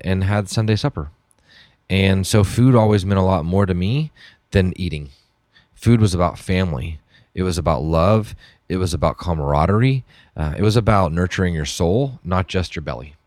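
A middle-aged man from Texas, a chef telling an earnest, animated story to an audience, with many fillers and restarts. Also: sits low, no echo, clean studio sound. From Dallas, Texas. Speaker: chef giving a talk.

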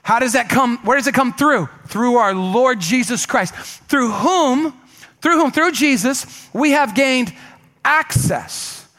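Male pastor, high-pitched, emphatic sermon delivery, call-and-response with the congregation. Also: slow pace, a bit bright. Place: church sanctuary.

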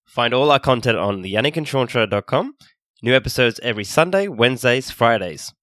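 Lively, bright Australian man. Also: mid-range voice, dry recording, studio quality. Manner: playful, quick to laugh, teasing questions. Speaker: podcast co-host. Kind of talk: casual chat.

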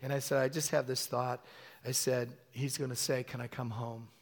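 Animated man preaching a story. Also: moderate pace. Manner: animated storytelling, acting out quotes with sudden high-pitched bursts. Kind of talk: storytelling sermon.

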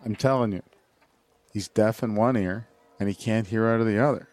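Low-voiced joking male player. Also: normal speed, a little mellow, no echo. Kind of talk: tabletop role-play.

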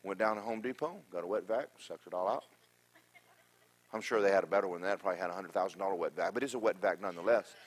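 Male pastor, sermon, lower voice, humorous storytelling, loud exhortations and soft asides. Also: fast, slightly rough.

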